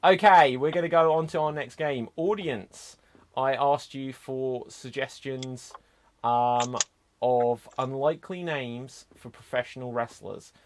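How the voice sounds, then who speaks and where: Man, improv show host, upbeat, loose and chatty, mid-pitched voice. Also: fairly even intonation, measured pace. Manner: upbeat, loose, lots of fillers and asides. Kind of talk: chatty hosting of an improv game.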